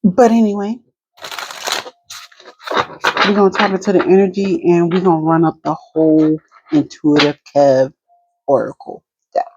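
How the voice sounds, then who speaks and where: A woman's voice: on the low side, fairly even intonation, moderate pace, pauses often, dull audio. A woman with a New Jersey accent giving an intuitive tarot reading, musing aloud and speaking to spirit as she pulls cards. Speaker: tarot reader. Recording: clear background noise.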